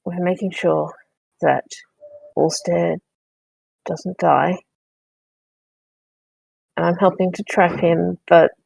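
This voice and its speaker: A woman player at a tabletop game, talking in character in a hesitant way with many pauses. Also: on the low side, vocal fry, darkish tone, slightly rough, dry recording, poor audio.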